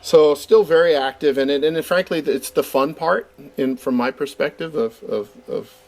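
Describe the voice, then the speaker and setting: A man's voice: on the high side, moderate pace, a little mellow. A middle-aged Californian man, a game designer interviewed as a guest, talking with enthusiasm and stammered repeats. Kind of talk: casual interview chat.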